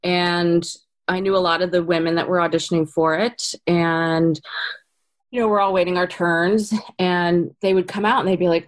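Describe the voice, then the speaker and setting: Woman, middle-aged, casting director, casual interview, lively storytelling, quotes acted out. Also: fairly low pitch, normal speed. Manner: animated storyteller, acts out quotes.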